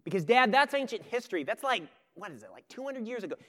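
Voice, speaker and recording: Guy doing a whiny exasperated kid son, high voice, pleading with dad. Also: animated, measured pace, a bit bright, big-room sound. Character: exasperated eldest son, a boy questioning his father.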